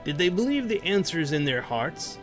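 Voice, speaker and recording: A man reading aloud the words of a young dwarf who recounts grim mountain lore, in a plain, unhurried voice. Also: a little high, big pitch swings, fairly bright tone, soft background music, pitched above the performer's own voice. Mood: solemn.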